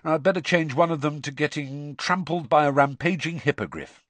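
A man's voice: fairly high pitch, animated, normal speed, fairly bright tone, dry recording, voice pushed up. A man voicing a lazy, sarcastic teenage boy who mocks his friends. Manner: sarcastic, mocking.

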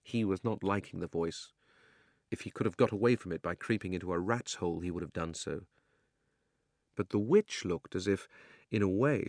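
A man reading a storybook aloud with measured, expressive narration. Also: on the low side, no echo, studio quality. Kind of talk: audiobook narration.

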